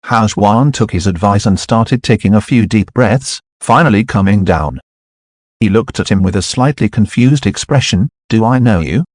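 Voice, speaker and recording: Man, audiobook narration, low voice, dry close sound, steady. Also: moderate pace, dry recording.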